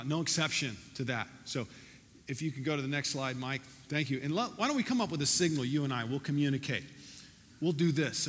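A man preaching a sermon in a church, talking in a loose, animated, conversational way with many restarts. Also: fairly high pitch. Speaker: pastor. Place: church sanctuary. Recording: reverberant church hall.

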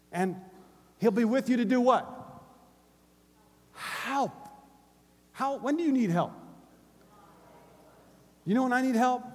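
A middle-aged male pastor preaching a sermon in a church, moving between hushed conversational asides and loud urgent exhortation. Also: sits high, breathy edge. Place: church sanctuary. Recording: long hall reverb.

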